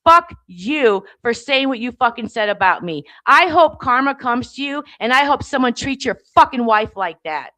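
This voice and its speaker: Furious woman on a livestream, bright and fairly high, confrontational rant. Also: animated, normal speed, few pauses. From United States. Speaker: livestream guest.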